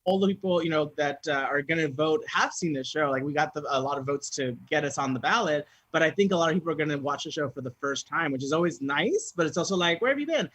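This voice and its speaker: A young man from Southern California chatting as a guest, telling stories with lively high-pitched acted-out reactions. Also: quick pace, hardly any pauses, dry recording. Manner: animated storyteller, jumps into high-pitched quoted reactions. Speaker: guest actor. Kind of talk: casual chat.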